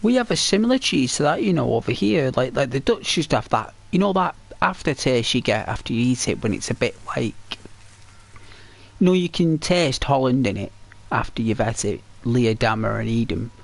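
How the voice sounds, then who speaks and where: A man chats to his viewers while he plays a video game. His voice sits at an ordinary middle pitch, and he rambles from one thought to the next with plenty of fillers and restarts. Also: animated, moderate pace, vocal fry. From Britain. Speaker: gaming streamer. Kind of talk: casual chat to viewers while playing.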